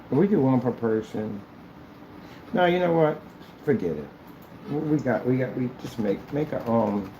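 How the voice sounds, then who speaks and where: A man's voice: mid-range voice, dark tone, a little hiss or hum. A man who runs a small business, talking casually and rambling as he works on a livestream, thinking aloud and mocking his critics. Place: indoor business premises.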